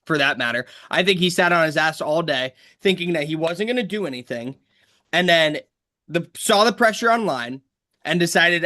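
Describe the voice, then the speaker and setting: An exasperated, sarcastic man co-hosting a fan sports podcast. His voice is bright and sharp and swings widely in pitch as he talks. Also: animated, normal speed. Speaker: podcast co-host. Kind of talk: casual sports chat.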